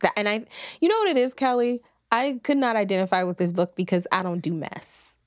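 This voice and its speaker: A woman's voice: mid-range voice, fairly quick, no echo, studio quality. A woman co-hosting a casual book chat, blunt and emphatic, chiming in with short agreements. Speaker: book podcast co-host.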